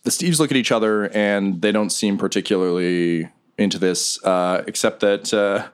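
A man's voice: on the low side, normal speed, smooth. A man narrating a tabletop role-playing game as game master, telling the story loosely with many fillers. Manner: relaxed, filler-heavy storytelling.

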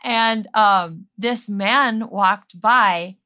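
Bright-voiced chatty woman host. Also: mid-range voice, drawn-out words, smooth. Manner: chatty, laughs easily, playful storyteller. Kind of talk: casual chat.

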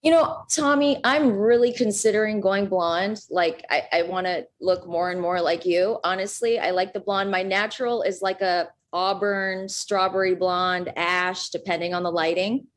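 A woman's voice: medium pitch, steady tone, normal speed, few pauses. A woman comedian from Minnesota, a guest in a casual interview, chatty and rambling.

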